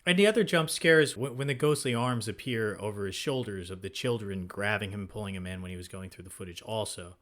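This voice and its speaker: Low-voiced man musing aloud. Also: a little fast, few pauses, fairly bright tone. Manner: thinking aloud, many restarts and "right?" checks. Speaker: podcast co-host. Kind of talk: casual film discussion.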